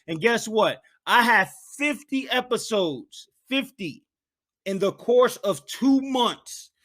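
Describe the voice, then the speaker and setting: Male podcast host, high bright voice, casual and hyped, keeps saying "man". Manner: animated, hypes himself up, says "man" a lot. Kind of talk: solo podcast monologue.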